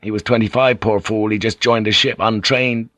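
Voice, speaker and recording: A man playing a weary English sea captain with a low, grounded voice. He talks earnestly and plainly, close to the mic in a dry studio read. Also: fairly even intonation, normal speed, a bit bright, no room sound, lightly acted. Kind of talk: audiobook character reading.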